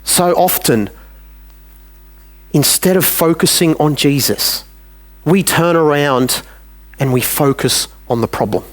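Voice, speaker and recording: A man's voice: a little high, lively intonation, slow, long pauses. Australian man preaching in a church. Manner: conversational preaching, acting out dialogues. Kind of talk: sermon.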